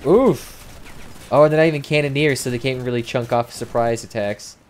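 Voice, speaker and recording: This young gaming livestreamer talks a little fast in a medium-pitched, darkish voice, with a bit of hiss or hum in the recording. He keeps up casual commentary while playing, reading chat aloud, chatting with viewers, and swearing without restraint.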